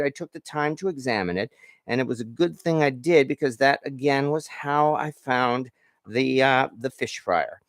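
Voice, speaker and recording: A man's voice: medium pitch, smooth, no echo, clean studio sound. A man hosting a home cooking show, chatting casually while he cooks, rambling and self-deprecating with corny puns. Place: home kitchen.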